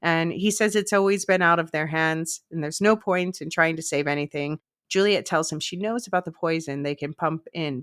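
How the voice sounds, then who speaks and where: A woman hosts a podcast in a fairly low, easy voice, walking through a TV episode's plot with frequent laughs. The sound is dry and close, with no room around it. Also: dry recording. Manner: chatty, laughs often, recaps plot at a steady clip. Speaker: podcast host. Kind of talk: casual podcast chat and episode recap.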